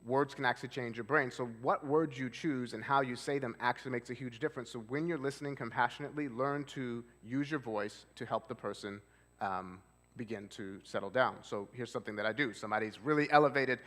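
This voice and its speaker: A man's voice: mid-range voice, brisk, fairly bright tone. Man, therapist, casual seminar talk, conversational, questions to audience, long church-hall reverb. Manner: conversational, asks the audience questions, loose with fillers. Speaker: marriage and family therapist giving a church seminar. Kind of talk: casual live presentation to an audience.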